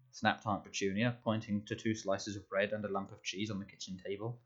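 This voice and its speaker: A man narrating a children's novel in measured, scripted storytelling. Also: on the low side, level tone, fairly bright tone, lo-fi sound. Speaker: audiobook narrator.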